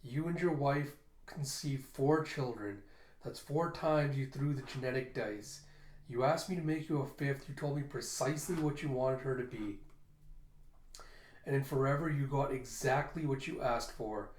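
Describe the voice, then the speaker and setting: A man reading a comic aloud, voicing a calm, precise male scientist in a dry tone, in a roomy echo. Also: medium pitch, normal speed, close to an everyday voice.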